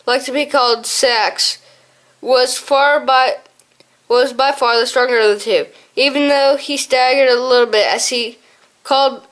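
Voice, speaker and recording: A woman's voice: high voice, a bit bright. A woman reading an audiobook aloud, often stumbling and restarting words. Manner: frequent slips and restarts. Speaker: audiobook reader. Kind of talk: amateur audiobook narration.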